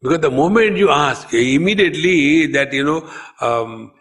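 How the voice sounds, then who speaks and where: A man's voice: a little high, moderate pace, fairly bright tone. A man with an Indian English accent giving a humorous spiritual discourse, chanting verses and telling stories. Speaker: spiritual teacher.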